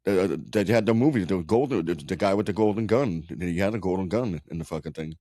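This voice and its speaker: A man co-hosting a podcast in casual chat, rambling and profane, with lots of halting restarts. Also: deep voice, dark tone, dry recording, clean studio sound. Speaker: podcast co-host.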